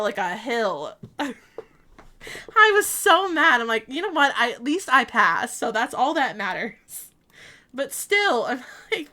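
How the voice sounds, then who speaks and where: A woman's voice: on the high side, pushed and bright. A woman in her twenties chatting casually while streaming a game, telling stories with frequent laughs and quoted asides. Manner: chatty storytelling, laughing often, quoting herself.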